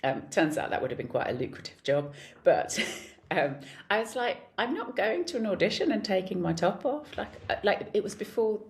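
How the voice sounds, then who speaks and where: A woman's voice: mid-range voice, normal speed. A woman in her forties, a guest actor, telling stories in casual chat and laughing often. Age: 40s. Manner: animated storyteller, laughs often.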